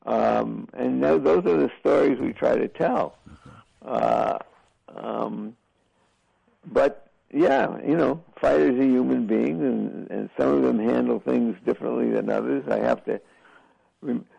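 An older man, a boxing broadcaster, answering interview questions in a slow, halting, reflective way with many fillers. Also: medium pitch, creaky, mellow, slightly rough, dry recording, lo-fi sound.

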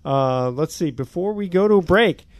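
A man hosting a sports talk show, easygoing and halting, often restarting his sentences. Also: sits high, lively intonation, no echo. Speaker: host. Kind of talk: casual radio talk.

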